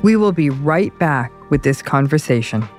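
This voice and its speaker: A woman hosting a podcast, speaking in a calm, measured way. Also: low voice, faint music behind. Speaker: podcast host. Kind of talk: interview hosting.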